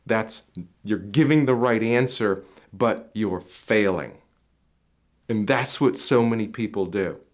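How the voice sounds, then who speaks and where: A man coaching viewers on job interviews in an emphatic, repetitive advice monologue that speaks straight to the listener. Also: on the low side.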